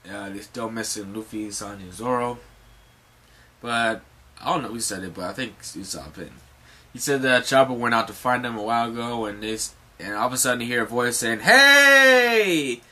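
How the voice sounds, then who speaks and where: A man with a bright, forward voice at an ordinary pitch, recapping a comic chapter casually. He rambles, swears freely and trips over fillers and restarts. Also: brisk. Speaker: manga recap vlogger.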